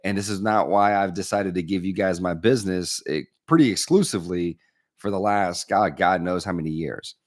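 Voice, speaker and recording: A man, a keynote speaker, telling a personal story with lively acted-out dialogue. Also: low-pitched, normal speed. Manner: animated storyteller, acts out dialogue. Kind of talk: storytelling talk.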